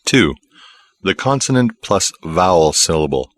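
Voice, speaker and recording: A man reading scripted instructional narration for a language course, in a measured, explanatory manner. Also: low-pitched, big pitch swings, no room sound, studio quality.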